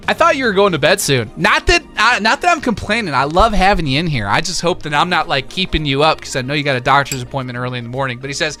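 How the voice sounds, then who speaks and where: A man hosting a livestream, chatting with his viewers in a lively, excitable way. His voice is bright and a little high, full of filler words and quick hype. Faint music sits underneath. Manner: animated, hyping, lots of filler words. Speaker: livestream host. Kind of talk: casual livestream chat, reading chat messages.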